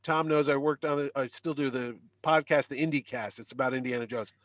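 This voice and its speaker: A middle-aged man from Connecticut telling a long anecdote in an excitable, animated way, jumping up in pitch when he acts out what people said. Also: a little fast, no room sound, studio quality. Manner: excitable, acts out quotes with big pitch jumps. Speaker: podcast guest telling a story. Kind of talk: animated storytelling.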